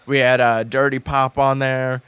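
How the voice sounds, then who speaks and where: A man's voice: mid-range voice, level tone, unhurried, fairly bright tone, slight background noise. A man in his late twenties co-hosting a podcast, rambling enthusiastically with lots of fillers and restarts. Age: late 20s. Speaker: podcast co-host. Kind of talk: casual chat. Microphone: podcast studio mic.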